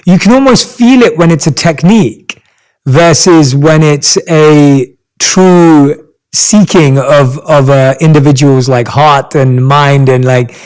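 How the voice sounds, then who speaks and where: A male podcast host with a somewhat high voice. He talks through his questions in an enthusiastic, affirming way, keeping the tone conversational. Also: a little mellow, low-quality recording. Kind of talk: conversational interview.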